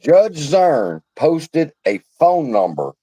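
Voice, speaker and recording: A man delivers a heated livestream rant, blunt and full of swearing. His pitch swings widely from low to high as he gets worked up. The sound is dry and close, with little room echo. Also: sing-song, takes it slowly, warm tone, slightly rough. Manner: blunt, profane, fired up. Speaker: livestream host.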